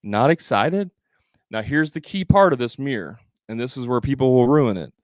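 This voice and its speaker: A man's voice: mid-range voice, expressive, fairly quick, a little mellow, no room sound, studio quality. A man giving a live sales training as coach, talking conversationally with fillers and restarts.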